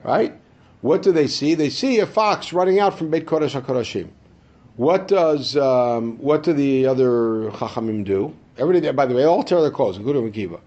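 Man, Torah teacher, husky voice, rhetorical questions, dull lo-fi recording. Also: sing-song, brisk, a little mellow. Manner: asks rhetorical questions and answers them; swings between low asides and emphatic high points. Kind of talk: classroom lecture.

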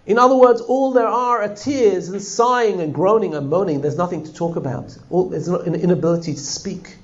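Male teacher leading a text study class, lively and questioning, slightly high pitch, muffled lo-fi recording. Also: normal speed. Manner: animated, often asks the class questions. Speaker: Torah teacher.

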